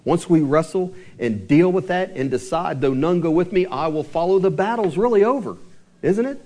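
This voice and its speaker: Preaching man, slowing down for emphasis. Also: a little high, animated, warm tone. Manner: preaching with rhetorical questions to the congregation. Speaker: pastor. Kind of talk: sermon.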